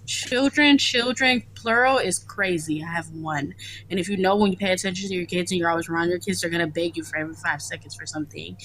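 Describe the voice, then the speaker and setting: Young woman, lowish voice, blunt and profane live-stream ranter. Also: fairly even intonation, quick pace, a bit bright, slight background noise, low-quality recording. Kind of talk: casual live-stream rant.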